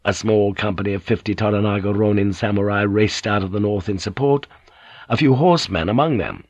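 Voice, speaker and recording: A male audiobook narrator with a low voice who reads in an even, measured way. The sound is dry and close, with no room echo. The recording has a dull, lo-fi quality. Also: husky. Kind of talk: scripted narration.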